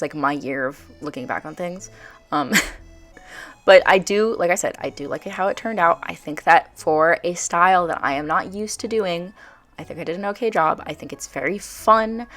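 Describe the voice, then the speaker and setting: A young woman narrating a video game build in a casual, bubbly voice-over, full of "like" and quick asides. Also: low-pitched, fairly bright tone. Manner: chatty, bubbly, filler-heavy with frequent "like".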